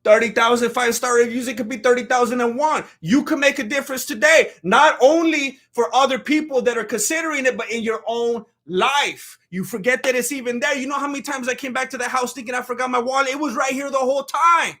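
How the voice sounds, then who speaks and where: A man hosting comedic commentary and a sponsor read, talking animatedly and stammering through restarts, jumping between loud outbursts and low mutters. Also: fairly quick, few pauses. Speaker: host.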